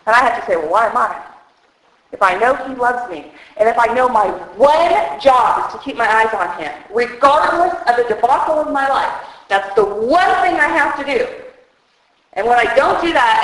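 Middle-aged woman preacher, high voice, animated and humorous, booming echo of a large hall. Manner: animated, jokey, acts out voices. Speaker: women's speaker preaching on Genesis. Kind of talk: sermon. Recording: very echoey hall.

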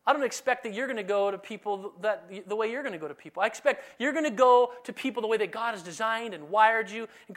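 Animated bright-voiced male preacher. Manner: conversational, animated preaching with sudden drops to soft, low delivery. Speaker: pastor. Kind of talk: sermon.

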